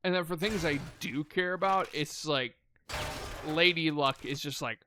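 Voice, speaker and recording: A man's voice: fairly high pitch, unhurried, noisy background. A man giving casual gameplay commentary, chatty and swearing, talking to the game and the zombies as he loots. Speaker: gameplay streamer.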